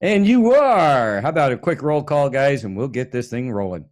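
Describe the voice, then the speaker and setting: A man's voice: mid-range voice, brisk. A man from the Pacific Northwest hosting a casual live stream, chuckling often as he reads out listener check-ins. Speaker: host.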